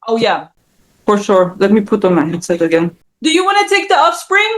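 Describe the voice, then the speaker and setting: A woman in her thirties telling a personal story in casual conversation, blunt and animated, swearing often and acting out the people she quotes. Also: fairly quick. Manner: acts out quoted voices with big pitch jumps. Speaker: guest. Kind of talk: casual chat.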